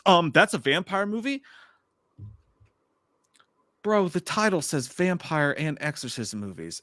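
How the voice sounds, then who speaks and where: A man's voice: mid-range voice, fairly bright tone, dry recording, clean studio sound. A man hosting a casual live stream, ranting animatedly and swearing freely with jokey asides. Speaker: host.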